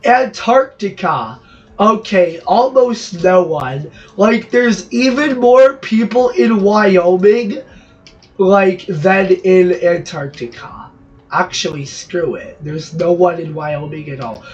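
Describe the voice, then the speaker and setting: Rambling Brazilian man, fairly high voice. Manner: rambling, jokey, self-interrupting asides. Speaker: gaming channel host. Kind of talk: gameplay commentary. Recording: distant, dull lo-fi mic with music behind.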